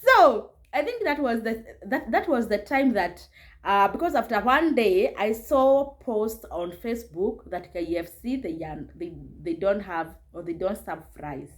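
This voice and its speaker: A woman, a vlogger casually telling a story in an animated way, laughing often and slipping into Swahili phrases. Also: medium pitch, a little slow. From Kenya.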